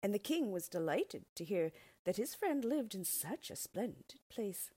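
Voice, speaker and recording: A woman reading a fairy tale aloud in an expressive storybook style. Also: medium pitch, unhurried, breathy edge, no room sound.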